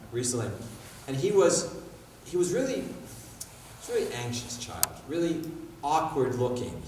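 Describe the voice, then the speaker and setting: Guest speaker, male, lively and high-pitched storyteller, picked up from afar in a roomy hall. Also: slight background noise. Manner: animated storytelling with vocal sound effects. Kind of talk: public talk. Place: indoor school hall. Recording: echoey hall, far mic, faint ambience.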